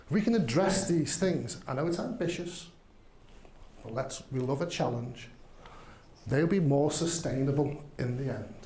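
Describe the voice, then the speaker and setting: A man's voice: medium pitch, expressive, unhurried, mellow, slight background noise. A man with a Liverpool accent speaks at a conference in a hall. He tells a story wryly, with many ums and uhs, into a handheld mic, with faint room sound behind him. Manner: anecdotal, wry, with frequent fillers. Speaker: guest lecturer. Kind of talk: conference talk and Q&A. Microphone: handheld microphone.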